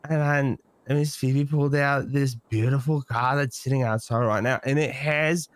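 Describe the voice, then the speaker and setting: A man's voice: medium pitch, steady tone, moderate pace. A man in a role-play game telling a profane story with animation and acting out the dialogue. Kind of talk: casual in-character storytelling.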